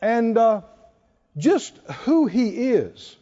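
Male preacher, slow and mellow, quick to laugh, sermon recorded dull in a reverberant hall. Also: very high-pitched, very animated, slightly rough. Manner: conversational, laughs often, asks the congregation questions. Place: church or conference hall.

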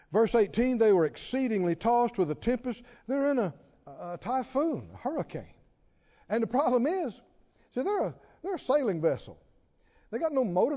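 A man preaching in a high, wildly swinging voice, laughing often and breaking into shouted calls to the crowd. The sound is muffled and rings with a long hall echo. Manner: animated, dramatic retelling with frequent laughs and shouted exhortations. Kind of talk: sermon.

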